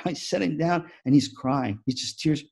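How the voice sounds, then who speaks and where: Mellow husky man giving a keynote. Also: fairly high pitch, unhurried. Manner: animated storytelling with acted-out quotes. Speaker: keynote speaker. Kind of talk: conference keynote talk.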